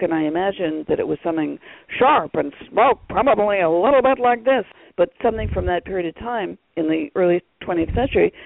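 A man's voice: high voice, vocal fry, dry recording. A man talking as an author guest on a radio interview, rambling with many fillers over a phone line.

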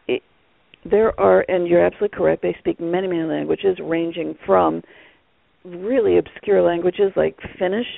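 A man's voice: high voice, steady tone, normal speed, creaky, no echo. A man talking as an author guest on a radio interview, rambling with many fillers over a phone line.

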